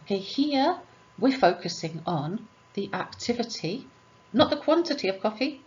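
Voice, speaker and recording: A woman's voice: mid-range voice, very animated, moderate pace, dull audio. A woman English teacher going through grammar exercises, patiently asking questions and answering them herself. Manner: patient, asks and answers her own questions.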